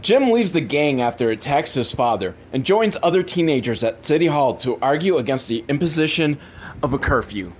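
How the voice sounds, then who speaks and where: A man's voice: fairly high pitch, slightly rough. A man giving rambling, sarcastic and profane commentary on old films. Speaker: comedy commentary host.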